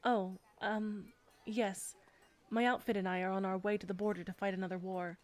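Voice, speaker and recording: A woman voicing a shy, war-weary female knight commander in an audio role-play, speaking hesitantly with soft fillers. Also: medium pitch, fairly even intonation, normal speed, soft background music, close to an everyday voice. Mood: shy, tender.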